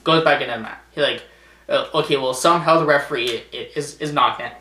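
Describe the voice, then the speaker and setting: A man's voice: mid-range voice, fast, pushed and bright, echoey room. A man vlogging casually, rambling and sarcastic, swearing and laughing at his own jokes. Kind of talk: casual commentary vlog.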